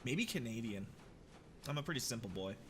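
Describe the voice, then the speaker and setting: A young American man chatting casually with viewers while he plays, jokey and animated, now and then shouting at the game. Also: mid-range voice, brisk, background noise. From United States. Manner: jokey, animated, reads chat aloud, bursts into shouts at the game. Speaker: livestreamer. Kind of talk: casual gameplay chat with viewers.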